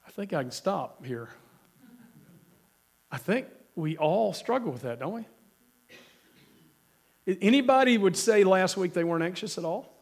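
A male pastor delivers an emphatic sermon while nursing a cold. His voice sits high for a man, and he keeps turning to the congregation with questions. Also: animated, measured pace, vocal fry, pauses often, husky. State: has a cold.

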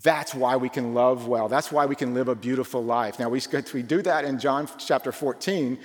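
A man preaching a conversational sermon, informal and full of rhetorical questions, shifting between quick asides and slow emphatic phrases. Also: medium pitch. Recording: long reverb from a large hall.

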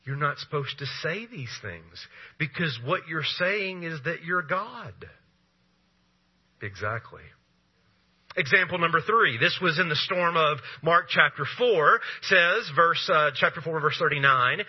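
A man preaching from the pulpit, his voice a little higher than most men's and husky around the edges. He drives his points home with rhetorical questions and dramatic pauses. The recording sounds dull and lo-fi. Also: lively intonation. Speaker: pastor. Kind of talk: sermon.

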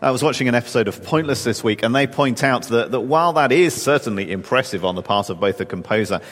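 A man preaching an evening sermon in a measured, explanatory way, often pausing on "uh". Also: medium pitch, expressive. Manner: measured, explanatory, frequent "uh" fillers. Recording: long reverb of a large hall.

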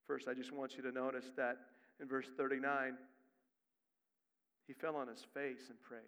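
A male pastor preaching a sermon. He moves from quick, quiet asides to loud, rising emphasis. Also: medium pitch, flat delivery, smooth. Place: church sanctuary. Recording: long reverb of a church hall.

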